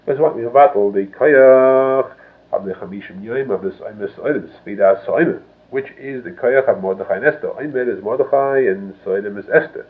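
A man's voice: mid-range voice, moderate pace. A man giving a traditional text lecture, reading a passage and then explaining it phrase by phrase. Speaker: religious teacher. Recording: narrow phone-like lo-fi sound.

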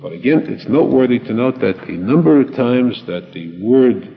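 A man teaching a Torah lecture, speaking deliberately and repeating phrases for emphasis, with Hebrew terms mixed in. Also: mid-range voice, animated. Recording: dull lo-fi recording with long reverb and faint music.

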